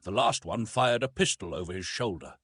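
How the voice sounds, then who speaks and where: Husky, animated male storyteller. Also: fairly quick, no room sound. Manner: animated storytelling with lively rises in pitch. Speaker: audiobook narrator. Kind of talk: scripted narration of a science fiction story.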